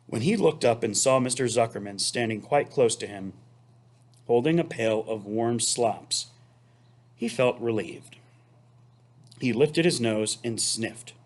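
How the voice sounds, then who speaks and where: A man who teaches, reading a children's book aloud to his students in an expressive, unhurried way. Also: medium pitch. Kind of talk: storybook read-aloud.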